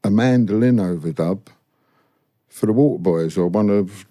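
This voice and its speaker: An older man speaks with a lowish, mellow voice, spinning anecdotes in a relaxed studio interview. The sound is dry and close on the microphone. He slips into other people's voices as he tells his stories. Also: normal speed, no echo. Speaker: guest musician. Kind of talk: casual storytelling interview.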